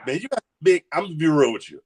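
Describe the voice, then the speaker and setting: A man co-hosting a casual podcast, animated and emphatic, using slang. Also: on the high side, fast, breathy edge. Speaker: co-host.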